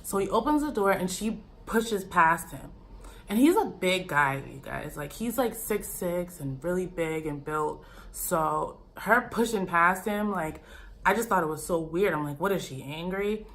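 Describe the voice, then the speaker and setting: A woman's voice: fairly low pitch, expressive, unhurried, a bit bright. A young woman telling a dramatic personal story to her viewers in a casual storytime vlog, talking straight to them as "you guys". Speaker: YouTuber.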